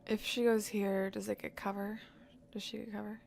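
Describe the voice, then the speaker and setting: A woman's voice: medium pitch, flat delivery, normal speed, vocal fry, a little mellow. A woman playing a tabletop game, thinking aloud and muttering as she plans her character's turn. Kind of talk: casual play-by-play of a character's actions.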